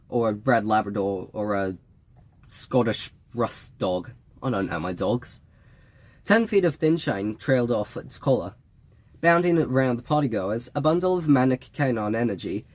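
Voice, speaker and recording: A man reading an audiobook in a wry, measured storytelling manner. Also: mid-range voice, very animated. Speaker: audiobook reader. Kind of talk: audiobook narration.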